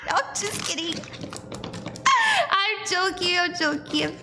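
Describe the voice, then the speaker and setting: A woman's voice: very high voice, unhurried, over loud music. A woman doing tarot readings on a live stream, chatty and giggly as she reads the chat aloud.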